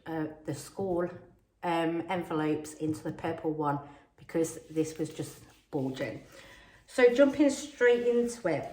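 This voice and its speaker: Croaky woman, lowish voice, echoey room. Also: a little mellow. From Australia. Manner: chatty and rambling, many fillers. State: croaky from illness. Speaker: budgeting vlogger. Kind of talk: casual talk to camera.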